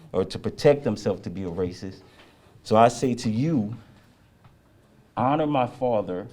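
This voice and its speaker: A man, the son of the honoree, giving an emotional, halting tribute speech at an outdoor street ceremony, with many fillers and restarts. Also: on the low side, dark tone, slight background noise.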